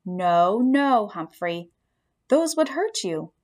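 Brief: a woman playing a kind, gentle young girl in a storybook reading, soothing tone. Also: medium pitch, sing-song, slow.

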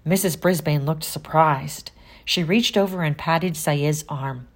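A woman reading a children's storybook aloud, gentle and expressive. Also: sits low, measured pace. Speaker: audiobook narrator. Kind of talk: storybook narration.

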